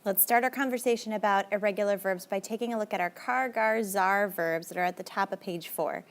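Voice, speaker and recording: A young adult woman teaching a recorded language lesson in a brisk, chatty, encouraging way, with lively jumps in pitch. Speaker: Spanish teacher.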